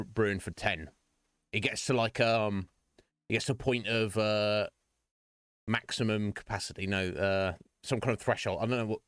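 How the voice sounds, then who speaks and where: Low-voiced rambling male streamer. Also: fairly bright tone, no room sound, clean studio sound. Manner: rambling and self-interrupting, swears casually. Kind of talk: casual live-stream chat. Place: home streaming setup.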